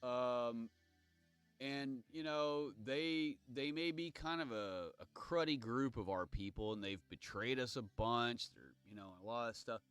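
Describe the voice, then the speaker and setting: A man's voice: medium pitch, a little slow, a bit bright, clean tone, dry recording. A man hosting his own livestream, talking in a meandering, digressive way and reading viewer comments aloud. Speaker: livestream host. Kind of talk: rambling solo livestream monologue.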